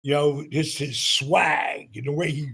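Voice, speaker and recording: Male guest, sixties, lively storyteller, gravelly and raspy. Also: a little high, a little slow. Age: 60s. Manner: animated anecdotes, acts out quotes. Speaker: guest, retired pro wrestler. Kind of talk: storytelling interview.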